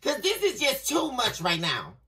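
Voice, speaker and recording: Woman tarot reader, lively swooping pitch, set a little back from the mic, dramatic and halting. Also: far from the mic, low-quality recording. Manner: dramatic, halting, repeats phrases for emphasis. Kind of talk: tarot reading addressed to viewers.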